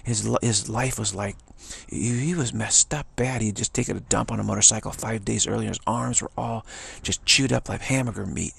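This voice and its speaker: A man from California casually telling a rambling personal story, full of repeats and fillers, acting out others' lines in a higher voice. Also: fairly quick, creaky, fairly bright tone, husky, dry recording. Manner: digressive, repeats words, many "you know" and "like"; acts out other people's quoted voices in a higher pitch.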